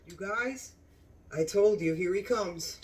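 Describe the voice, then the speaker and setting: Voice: mid-range voice, slow pace, darkish tone, far from the mic, a little hiss or hum. Gushing home cook in a kitchen. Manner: gushing, enthusiastic about the food. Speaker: home cooking channel host. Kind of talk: casual cooking vlog.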